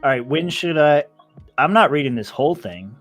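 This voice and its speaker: A man's voice: a little high, expressive, moderate pace, faint music behind. A man co-hosting a casual podcast, laid-back and wisecracking. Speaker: podcast co-host. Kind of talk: casual chat.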